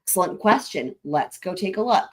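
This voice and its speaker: Chatty woman with a lively, animated voice. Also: fairly low pitch, moderate pace. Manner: chatty, rambling, laughs often. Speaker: livestream host. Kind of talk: casual livestream chat.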